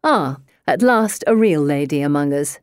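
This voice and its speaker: A woman's voice: low voice, lively intonation, normal speed, clean tone, no room sound, clean studio sound, voice pushed down. A woman narrator voicing a mocking, condescending young brother in an audiobook. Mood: scornful. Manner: sneering, dismissive.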